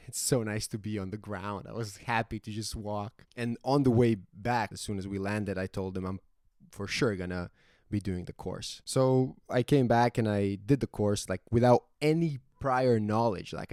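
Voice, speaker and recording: A young man from Serbia with a Serbian accent, telling a story casually, animated and swearing freely. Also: lowish voice, no echo, clean studio sound. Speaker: vlogger.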